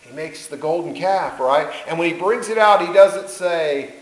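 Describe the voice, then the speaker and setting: A man's voice: fairly high pitch, moderate pace. A man preaching a sermon, telling a story earnestly, asking rhetorical questions and acting out the people he quotes. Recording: roomy echo.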